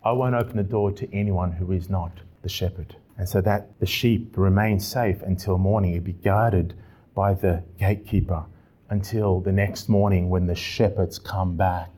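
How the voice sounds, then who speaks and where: A man preaching a sermon, swinging from loud emphatic passages to quiet ones, with frequent stumbles and restarts. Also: lowish voice.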